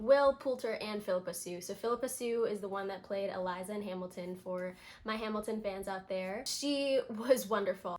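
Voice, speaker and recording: A young woman giving a casual, rambling vlog recap, full of filler words and self-corrections. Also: medium pitch. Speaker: vlogger.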